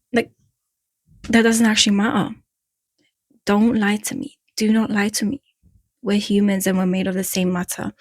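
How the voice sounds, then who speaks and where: This is a casual vlog where a woman speaks directly to the camera, offering blunt, talkative advice about breakups in an Eastern European accent. She strays from the subject and chuckles at herself, and her mid-range voice comes through with no room sound.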